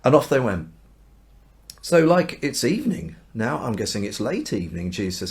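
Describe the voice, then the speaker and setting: A man's voice: mid-range voice, sing-song, normal speed. A man teaching the Bible in a chatty way, reading aloud and acting out the dialogue in everyday speech. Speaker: minister.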